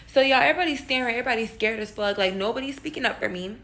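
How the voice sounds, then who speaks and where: A woman's voice: on the high side, racing, fairly bright tone. A woman telling a salon horror story in a profane storytime rant, calling her listeners y'all. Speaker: storyteller in a clip.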